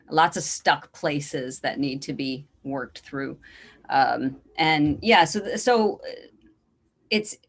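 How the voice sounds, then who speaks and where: A woman hosting an interview podcast, a therapist who talks thoughtfully with many pauses and "um"s. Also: sits low. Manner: thoughtful, rambling, many "um"s and restarts. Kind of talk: casual interview chat.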